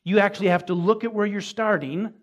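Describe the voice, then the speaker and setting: A man's voice: high voice, brisk. A man preaching a sermon as pastor, speaking conversationally with asides to the congregation and rising emphasis. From Minnesota.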